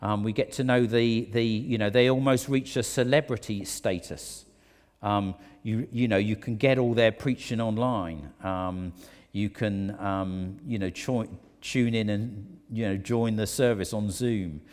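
A man's voice: on the low side, steady tone, unhurried, a little mellow. A man preaching a conversational sermon in a church, hesitant, with many ums, you-knows and restarts. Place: church auditorium. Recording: long reverb of a church hall.

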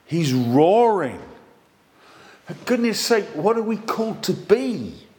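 A man preaching a sermon in an excitable, animated way, with self-deprecating humour. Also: high voice, moderate pace.

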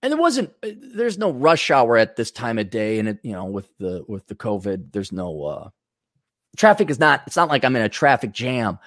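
A man's voice: medium pitch, very animated, moderate pace, a bit bright, dry recording, studio quality. A man hosting a podcast, ranting with profanity and sarcasm and reading out viewer donations. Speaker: podcast host.

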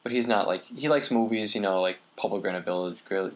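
A man chatting casually as a podcast co-host, telling stories in a relaxed, rambling way. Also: on the low side, fast. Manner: rambling, relaxed storyteller with fillers. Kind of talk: casual chat.

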